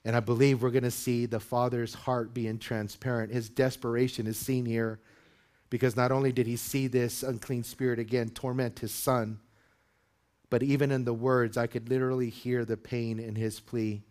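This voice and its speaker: Man preaching a sermon. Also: flat delivery. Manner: builds from measured teaching to loud, high-pitched exhortation. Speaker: pastor. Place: church with a congregation.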